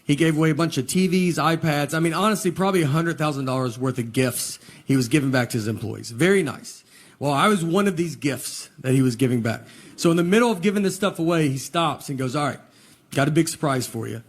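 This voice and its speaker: A man with a Southern US accent doing a stand-up comedy set, telling stories in a slow, deadpan way with trailing pauses. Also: on the high side. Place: comedy stage with live audience. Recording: noisy live audience recording.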